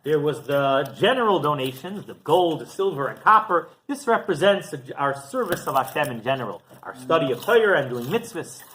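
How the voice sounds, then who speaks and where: A man's voice: on the high side, moderate pace, few pauses, a little hiss or hum, rough recording. A male rabbi giving a Torah class, telling stories animatedly and often checking in with "right?". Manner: animated storytelling with frequent "right?".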